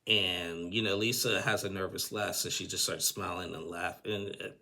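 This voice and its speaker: A man's voice: low voice, steady tone, moderate pace, pushed and bright. A man giving a casual, rambling recap of a TV episode, often restarting his sentences and chuckling. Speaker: TV recap host.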